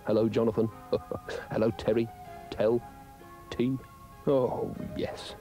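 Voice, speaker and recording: A man's voice: mid-range voice, little pitch movement, slow, mellow, faint music behind, close to an everyday voice. A man voicing a pompous, self-important male dog who muses loftily about writing his memoirs. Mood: lofty. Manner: lofty, self-satisfied musing.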